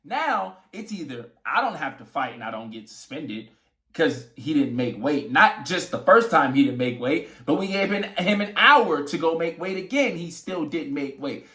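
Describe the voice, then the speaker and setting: Young male boxer, a little high-pitched, echoey room, animated storytelling with swearing. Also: normal speed. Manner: animated, swearing, acts out quotes. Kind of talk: casual storytelling vlog.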